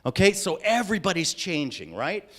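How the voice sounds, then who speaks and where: Man, live audience talk, theatrical, lively swooping pitch, slightly high voice. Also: normal speed. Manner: theatrical, animated, acts out voices and scenes. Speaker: creativity workshop speaker. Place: lecture hall with audience.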